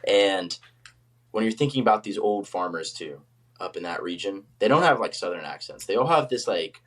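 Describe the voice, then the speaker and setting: A man's voice: on the low side, lively intonation, moderate pace, fairly bright tone. A man from the United States, a paleontologist guest telling stories in a casual podcast chat, full of fillers and restarts. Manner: chatty, storytelling, many fillers.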